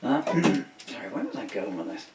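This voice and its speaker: Speaking from a room in his home, a UK singer-songwriter rambles through a lighthearted monologue full of jokes, chuckles and digressions. His medium-pitched voice is very animated, moving at a moderate pace. The recording is roomy, with a distant microphone and slight hiss.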